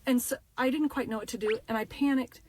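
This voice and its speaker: A woman's voice: on the high side, fast, a little hiss or hum. Young woman telling a punchy comedic story. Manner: animated, punchy, dramatic asides. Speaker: storyteller in a social media video.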